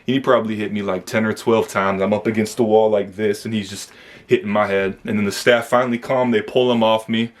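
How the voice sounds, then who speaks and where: A man's voice: fairly low pitch, steady tone, a little fast. A young man from Michigan telling a personal story to camera in a casual, conversational way, with frequent fillers and tag questions. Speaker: vlogger recounting his youth incarceration.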